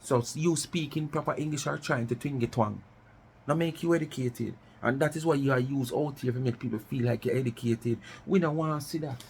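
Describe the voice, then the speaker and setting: A man's voice: medium pitch, brisk, gravelly, a little mellow, a little hiss or hum. A middle-aged Jamaican man from West Kingston ranting in commentary, challenging listeners with repeated rhetorical questions and slipping into patois. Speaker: vlogger.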